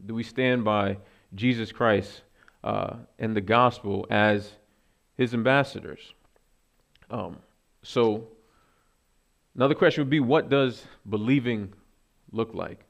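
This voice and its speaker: A man's voice: lowish voice, slow, vocal fry. A man giving a casual, conversational sermon with self-deprecating asides and frequent fillers. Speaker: preacher.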